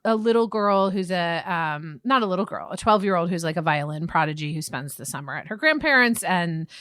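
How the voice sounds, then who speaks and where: A woman's voice: lowish voice, lively intonation, fairly bright tone, no echo, studio quality. Chatty, profane woman podcast guest. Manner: enthusiastic and profane, with quick asides. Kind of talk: casual chat.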